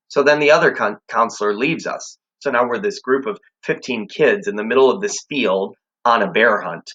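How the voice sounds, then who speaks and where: A man's voice: on the low side, moderate pace, hardly any pauses, fairly bright tone, highs cut off. A man teaching a class, telling a suspenseful personal story in a conversational way.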